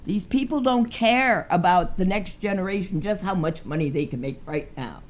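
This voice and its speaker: A woman's voice: fairly low pitch, normal speed, a little hiss or hum. A middle-aged woman, a host's mother, talking bluntly and cynically as a guest in a casual chat.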